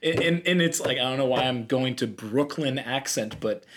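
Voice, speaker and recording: A young man co-hosting a podcast, chatting casually and telling a story with lively slips into put-on voices. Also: mid-range voice, normal speed. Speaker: podcast co-host. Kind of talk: casual chat.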